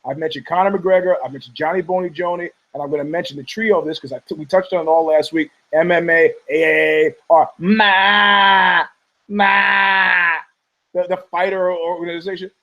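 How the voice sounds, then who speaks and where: A man's voice: fairly high pitch, steady tone, fast, few pauses, dull audio. A male podcast host giving rambling, combative commentary, profane and heated, often stumbling over restarts.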